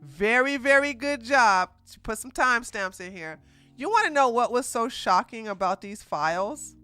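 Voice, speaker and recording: A woman hosting a casual reaction commentary stream, talking in an animated, mocking way with frequent laughs. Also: fairly high pitch, normal speed, dry recording, soft background music. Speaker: commentary host.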